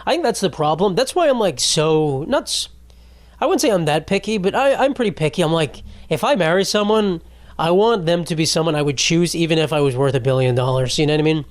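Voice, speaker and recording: A man's voice: a little high, animated, a little fast, no room sound. A man in his twenties hosting a casual solo podcast, rambling and joking with lots of profanity and "bro". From United States. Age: 20s. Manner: rambling, profane, jokey, trailing off with "bro" and "dude". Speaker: podcast host.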